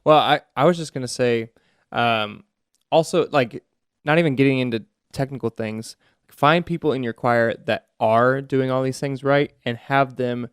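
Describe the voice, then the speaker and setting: A man's voice: medium pitch, normal speed, clear, resonant tone, no room sound, studio quality. A man co-hosting a podcast about choir teaching, speaking in an upbeat, encouraging, casual way. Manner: upbeat and encouraging, loosely phrased. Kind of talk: casual chat.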